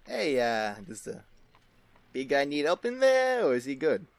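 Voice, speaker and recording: A man's voice: a little high, very animated, a little slow, vocal fry, no room sound. A man playing a tabletop game in casual chat, hedging and hesitant as he describes his moves. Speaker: player.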